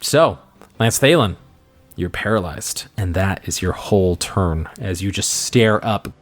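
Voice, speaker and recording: A man narrating as game master for a tabletop game, upbeat and quick to react. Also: deep voice, lively intonation, faint music behind.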